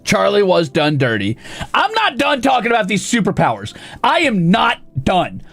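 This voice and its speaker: A man with a high, lively voice rants on a stream, exasperated and profane. His tone stays sarcastic, with a gravelly edge, and faint music plays behind him. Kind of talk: ranting stream commentary.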